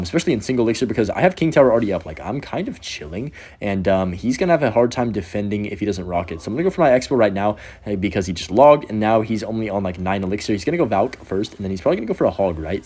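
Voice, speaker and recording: Guy doing quick gameplay commentary, low mellow voice, kinda husky, talks fast. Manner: quick, chatty play-by-play with frequent "um" and laughs. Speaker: gaming commentator.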